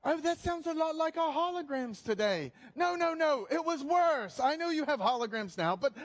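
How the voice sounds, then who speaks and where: Casting: man doing a theatrical elderly British granddad, high and storytelling. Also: animated, moderate pace. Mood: insistent. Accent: British (put on). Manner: theatrical, storytelling, exaggerated dismay. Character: doting elderly grandfather, British accent, reminiscing.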